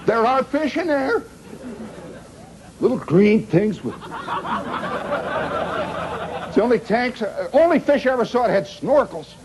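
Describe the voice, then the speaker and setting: A middle-aged man telling a rambling comic story to a live audience, wry and animated, with dramatic pauses and sound effects. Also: very high voice, crowd noise. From Indiana, United States. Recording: 1970s live recording with noisy audience.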